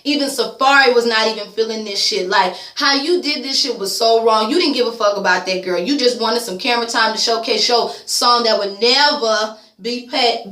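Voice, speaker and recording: A woman's fairly high, slightly bright voice with noticeable reverb. She's a YouTube vlogger doing a casual recap of a reality show, blunt and sassy, cursing freely and calling people "girl".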